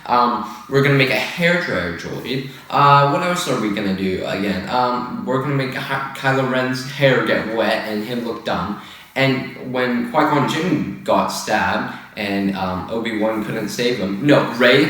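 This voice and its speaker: A man rants casually in a rambling, exasperated way, packing his talk with filler words. His voice sits in a middle pitch. He sounds far from the mic in a very echoey room. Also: lively intonation, slow pace, a bit bright. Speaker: video host. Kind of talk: casual opinion rant.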